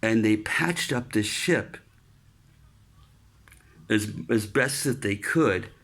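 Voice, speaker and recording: A man telling a casual story about his Navy days, loose and relaxed, dropping in swear words and "man". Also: lowish voice, takes it slowly. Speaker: podcast storyteller, Navy veteran.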